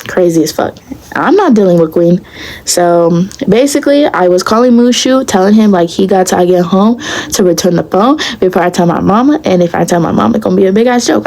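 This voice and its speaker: A young woman telling a storytime to her viewers in a casual, blunt, profane and animated way. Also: mid-range voice, rough recording. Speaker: vlogger.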